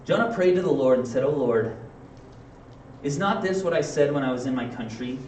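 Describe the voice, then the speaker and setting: A man preaching a sermon in a casual, conversational way, acting out quick playful asides. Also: medium pitch, expressive, a little mellow, slight background noise. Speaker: pastor. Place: church sanctuary. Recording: echoey room, mic from a distance.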